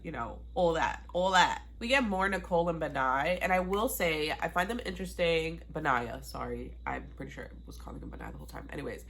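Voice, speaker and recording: Woman recap vlogger, lowish voice, bubbly and chatty with viewers, faint hiss. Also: sing-song, a little fast, few pauses, fairly bright tone. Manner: bubbly, laughs often, talks to viewers.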